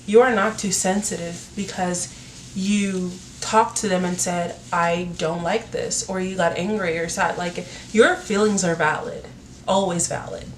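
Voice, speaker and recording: A woman's voice: fairly low pitch, fairly even intonation, unhurried. Female host, earnest casual advice chat with lots of fillers, recorded distant with faint hiss. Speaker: YouTube talk host. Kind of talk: casual advice talk while doing her hair. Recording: roomy, from a distance, faint noise.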